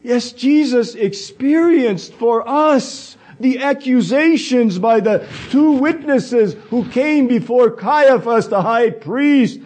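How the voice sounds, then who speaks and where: A man preaching a sermon, slow and deliberate, pausing for emphasis and voicing the quoted words of others. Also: extremely high pitch, darkish tone.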